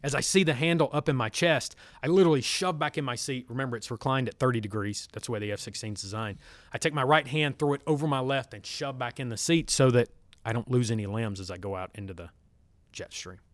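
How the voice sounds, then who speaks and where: In a studio interview, a podcast guest who once flew fighter jets narrates his experiences at a quick pace, performing the dialogue he quotes. His medium-pitched voice is picked up by a studio mic without room sound.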